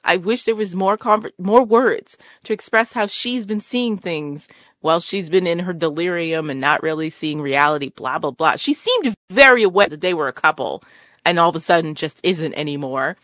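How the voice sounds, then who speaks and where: A woman's voice: lowish voice, lively intonation, moderate pace, fairly bright tone, no echo, clean studio sound. A woman co-hosting a podcast, chatting casually and ranting with laughs and exasperation about a TV series. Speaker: podcast co-host reviewing a TV series. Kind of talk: casual chat.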